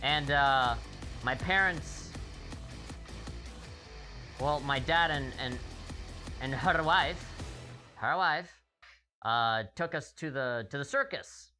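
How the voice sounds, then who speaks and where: A young man chats live while playing, his tone bright and pushy. He rambles, swears freely and piles on restarts. Faint game music plays under his voice. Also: fairly high pitch, slow, pauses often. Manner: rambling, profane, animated. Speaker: game streamer. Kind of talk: live stream storytelling.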